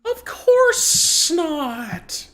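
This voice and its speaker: A man putting on a high, flustered voice as an older woman politician talking herself through a crush, a comedic impression. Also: sing-song, drawn-out words, fairly bright tone, heavily acted. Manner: breathless, flustered self-talk.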